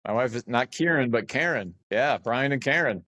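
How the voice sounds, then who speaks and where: A man's voice: mid-range voice, lively intonation, moderate pace, bright, forceful tone, dry recording. A man talking as a guest on a podcast in a loose, rambling, easygoing way. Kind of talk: casual interview chat.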